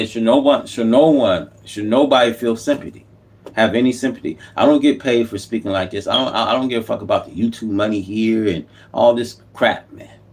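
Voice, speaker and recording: A man's voice: medium pitch, darkish tone. A man, delivering an unscripted, impassioned political monologue as a YouTube commentator, repeating himself and preaching.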